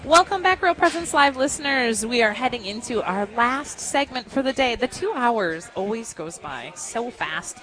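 A woman's voice: fairly high pitch, animated, normal speed, hardly any pauses, music in the background. A woman hosting a talk radio interview, gushing and chatty with lots of fillers. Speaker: radio show host.

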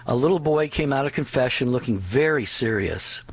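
A man's voice: medium pitch, lively intonation, moderate pace, slightly rough, soft background music. A man co-hosting a religious radio show, reading and telling jokes in an easygoing way.

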